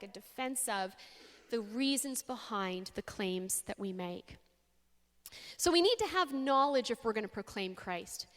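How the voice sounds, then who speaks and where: A young woman from Canada giving a faith talk to an audience, an expressive storyteller with dramatic pauses. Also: high voice. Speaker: speaker. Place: large hall. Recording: long hall reverb.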